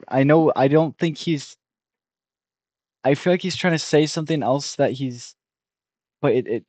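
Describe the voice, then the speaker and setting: A man in his twenties streaming a blunt, rambling reaction, critical and quick to restart his sentences. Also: mid-range voice, darkish tone, no room sound. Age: 20s. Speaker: streamer reacting to a review video. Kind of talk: casual rambling reaction commentary.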